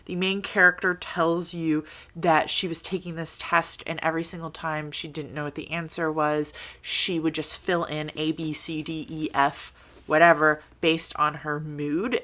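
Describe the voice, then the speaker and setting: A woman's voice: lowish voice, sharp tone. Chatty woman gushing over books. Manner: gushing, chatty, full of fillers like "like" and "super". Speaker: book reviewer. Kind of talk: casual book review vlog.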